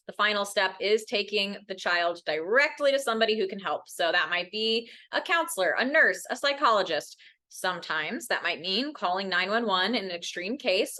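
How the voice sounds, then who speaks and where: Woman educator at a parent workshop; bright, earnest, animates quotes. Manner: earnest, often ends points with "right?"; acts out quoted voices with big pitch jumps. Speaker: mental health educator. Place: workshop room.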